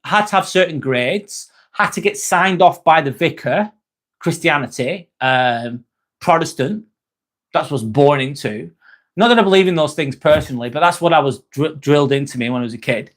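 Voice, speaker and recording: An English man talks through a relaxed livestream, answering his viewers' comments one by one and calling them by name. He is laid-back and loose, dropping the odd swear word, and his voice sits a little higher than most men's. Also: moderate pace. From England. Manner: chatty, greets viewers by name, swears casually. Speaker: live streamer.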